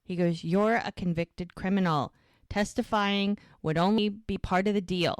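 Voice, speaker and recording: A woman's voice: mid-range voice, moderate pace, smooth, no room sound, studio quality. A woman co-hosting a podcast, casually recapping episodes and acting out the characters' lines. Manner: retells scenes, acting out lines with "he goes". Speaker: podcast co-host.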